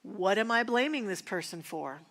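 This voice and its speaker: A woman minister teaching a spiritual class, speaking in an earnest, personal and unhurried way. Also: mid-range voice, lively intonation, fairly bright tone, long reverb tail. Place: church sanctuary.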